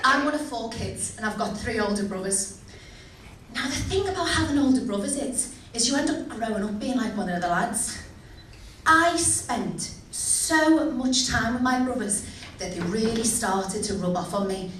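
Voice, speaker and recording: A woman's voice: a little high, expressive, moderate pace, fairly bright tone, a little hiss or hum. A young woman doing a cheeky, chatty stand-up set, asking the crowd questions. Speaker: stand-up comedian. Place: comedy venue. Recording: echoey venue, distant mic.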